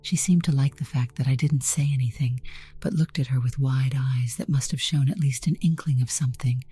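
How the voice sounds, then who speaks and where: A woman narrating a first-person story in an even, measured way. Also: a bass voice, husky, soft background music.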